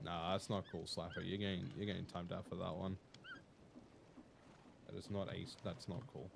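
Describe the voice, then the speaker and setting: A man's voice: low voice, flat delivery, normal speed, vocal fry, background noise. A man streaming live, chatting casually and jokily with his viewers and laughing often. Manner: laid-back, jokey, talks to chat, laughs often. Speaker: Twitch streamer.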